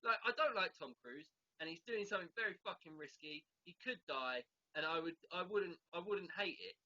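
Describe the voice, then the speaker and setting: Bright, sweary podcast host. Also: male voice, sits high, animated, moderate pace. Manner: sweary, rambling, laughs often. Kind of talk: casual chat. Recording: dull lo-fi sound.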